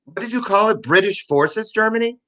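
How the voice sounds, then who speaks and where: A man's voice: high voice, expressive, fairly quick, sharp tone, highs cut off. A man hosting a talk show interview in a playful, joking manner. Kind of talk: interview conversation.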